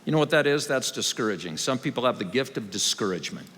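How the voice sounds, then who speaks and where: Long reverb fills the large church hall as a male pastor preaches, talking fast with an expressive, medium-pitched, slightly bright voice. His wry, conversational delivery climbs toward loud, emphatic moments.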